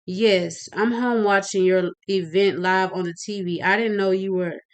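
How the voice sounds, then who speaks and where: A woman voicing a stern older female boss in a read-aloud novel, cool and measured. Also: mid-range voice, fairly even intonation, smooth, close to an everyday voice.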